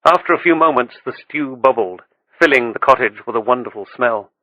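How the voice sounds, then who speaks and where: Bright-toned male audiobook narrator. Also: mid-range voice, a little fast, no echo, poor audio.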